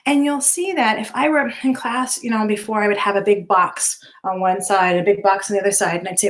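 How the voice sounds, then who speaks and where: Woman, middle-aged, teacher, recorded lecture, conversational, tag questions, fillers, mid pitch. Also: steady tone, brisk, hardly any pauses.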